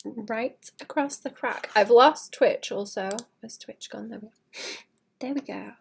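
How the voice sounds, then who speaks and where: A young woman chatting casually to her stream as she draws, muttering to herself and often clearing her throat. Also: fairly high pitch, slow, slight background noise. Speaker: artist livestreaming. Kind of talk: casual streaming chat while drawing.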